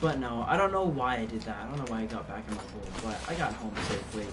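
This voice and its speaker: A man's voice: on the low side, fast. A young man chatting casually on a live game stream, telling a story in a rambling way with many fillers and restarts. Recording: distant mic with background noise.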